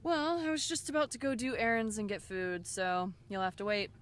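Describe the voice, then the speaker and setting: A woman's voice: mid-range voice, fairly even intonation, normal speed, a little hiss or hum, lightly acted. An actress voicing a sarcastic, teasing young woman in a video game. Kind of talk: game voice acting.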